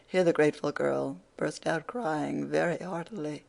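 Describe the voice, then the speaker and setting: An audiobook narrator reading a classic novel in a steady storytelling manner. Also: medium pitch, moderate pace, gravelly, hardly any pauses. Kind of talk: scripted narration.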